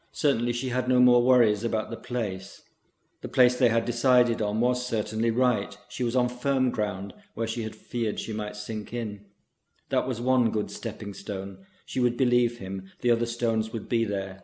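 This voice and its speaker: A man reading a literary short story aloud in a measured, unhurried way. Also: medium pitch, fairly even intonation, a little mellow, reverberant. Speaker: reader.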